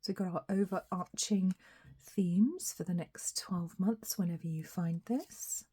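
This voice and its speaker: Woman, slightly hoarse, husky, soft mellow tone, chatty tarot reading. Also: fairly low pitch, a little slow. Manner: chatty, laughs often, some soft whispery asides. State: hoarse, recovering from a cold. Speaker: tarot reader.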